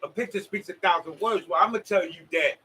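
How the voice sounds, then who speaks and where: Southern US male vlogger, high and tense, preachy and emphatic, talks to camera. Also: fast talker, sharp tone, breathy edge, low-quality recording. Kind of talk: rambling motivational monologue to viewers.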